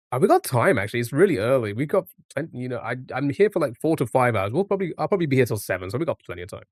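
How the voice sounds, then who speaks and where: A man streaming a music quiz live and chatting easily with his viewers. He sits in the middle for pitch and sounds dry and close, with no room around him. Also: no room sound. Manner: chatty, reacts to chat. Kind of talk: casual live-stream chat.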